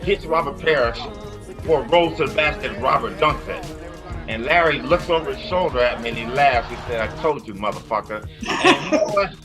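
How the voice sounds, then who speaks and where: A man telling a casual anecdote, animated, swearing and acting out quotes. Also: on the high side, fairly quick, over music. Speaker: former player, interview guest.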